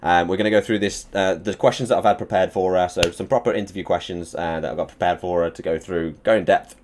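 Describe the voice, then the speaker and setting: A young man hosting a casual live stream, excitable and swearing as he hypes up his chat before an interview. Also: sits low, fast talker, a little hiss or hum.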